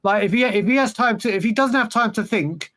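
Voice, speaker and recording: Male podcast co-host, high pitch, emphatic and rambling. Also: fairly quick, a bit bright. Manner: rambling, restarts, emphatic opinions. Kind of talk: casual football chat.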